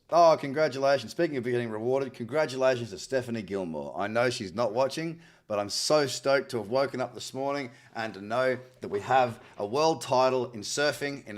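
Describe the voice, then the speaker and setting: An Australian man hosting a live trading stream, chatting in an upbeat way, often repeating words and answering viewers. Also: mid-range voice. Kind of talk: live chart scan with chat replies.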